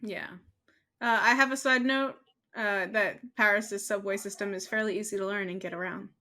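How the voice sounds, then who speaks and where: A woman co-hosting a podcast who sums up the plot in a relaxed, dry way and laughs at her own jokes. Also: medium pitch, moderate pace. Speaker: podcast co-host. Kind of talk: casual recap chat.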